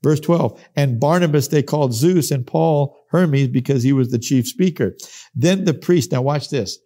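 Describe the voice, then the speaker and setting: A man's voice: on the high side, normal speed, mellow. A middle-aged man teaching a sermon on Bible verses, emphatic, repeating key phrases and acting out the people he quotes.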